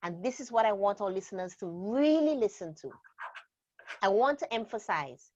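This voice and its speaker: Woman coach explaining stuff slowly and firmly, leans on key words, kinda muffled lo-fi audio. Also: medium pitch, lively intonation, darkish tone. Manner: emphatic, deliberate, stresses key words. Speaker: productivity trainer. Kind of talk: instructional interview talk. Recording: slightly dull lo-fi sound.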